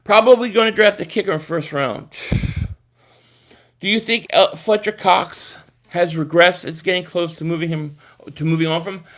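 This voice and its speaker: A young man hosting a casual live stream, reading comments and rambling excitably about football with lots of repeated words. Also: sits high, moderate pace.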